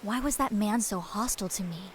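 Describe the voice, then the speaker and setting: A woman's voice: mid-range voice, a little fast, a little hiss or hum, close to an everyday voice, low-quality recording. Woman voicing a young apothecary, composed, earnest, video game dialogue. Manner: composed, earnest, soft-spoken. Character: calm, selfless female apothecary, young adult.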